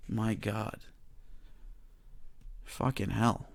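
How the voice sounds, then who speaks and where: A man's voice: fairly low pitch, lively intonation, unhurried, no room sound, clean studio sound. A young man hosting a solo podcast, ranting heatedly and swearing a lot. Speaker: podcast host.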